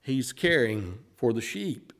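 A man preaching a sermon, who slows down and leans hard on the words he wants to stress. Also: medium pitch, very animated, a bit bright.

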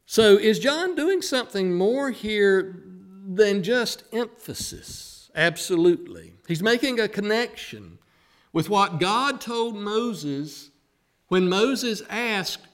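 A man preaching a sermon, who slows down and leans hard on the words he wants to stress. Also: high-pitched, big pitch swings.

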